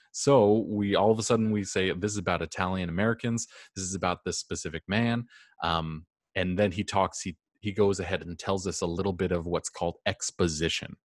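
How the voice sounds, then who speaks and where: Man, teacher, very low voice, dry close recording, casual rambling lecture, lots of ums. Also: no echo. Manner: casual, rambling with frequent um and restarts. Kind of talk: classroom lecture.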